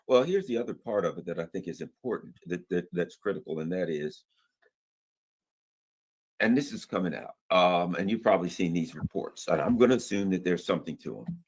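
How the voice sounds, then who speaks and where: A man's voice: low voice, lively intonation, a little fast, breathy edge. A man rambling through political commentary with many restarts.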